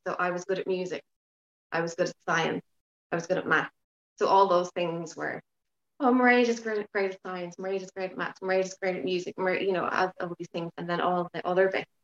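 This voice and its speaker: A woman talking as a podcast guest in casual interview chat, frank and lively, swearing now and then. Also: fairly low pitch, echoey room, muffled recording. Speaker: podcast guest, yoga teacher.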